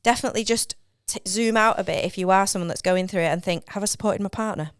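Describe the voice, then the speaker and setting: A woman's voice: medium pitch, fast talker, clean tone, no room sound, clean studio sound. A woman on a podcast, speaking earnestly and reflectively in casual chat. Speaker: podcast co-host.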